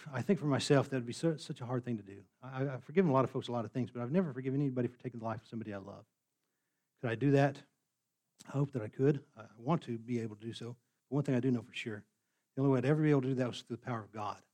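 Fast-talking man preaching a sermon. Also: medium pitch, a little mellow. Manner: earnest, repeats words when stressed. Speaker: pastor. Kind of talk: sermon with a read-aloud story.

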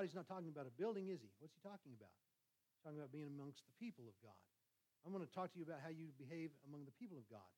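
A man preaching a conversational sermon, talking quickly with frequent restarts and checking in with "all right?". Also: fairly high pitch, a little mellow, poor audio.

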